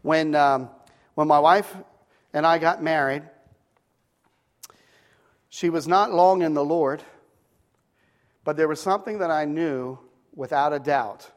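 A man's voice: a little high, takes it slowly, pauses often. A man preaching a sermon, earnest and emphatic, telling stories in between.

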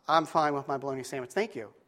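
A man's voice: mid-range voice, fast, bright, forceful tone, natural voice. A man preacher voicing a shy, proud little girl who answers hesitantly and politely. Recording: long hall reverb.

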